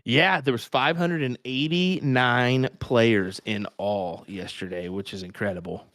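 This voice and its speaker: A man's voice: mid-range voice, a little slow, fairly bright tone, dry recording, clean studio sound. A man with a Kansas accent commentating on darts, chatty and laughing often as he tells stories. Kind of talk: live sports commentary banter.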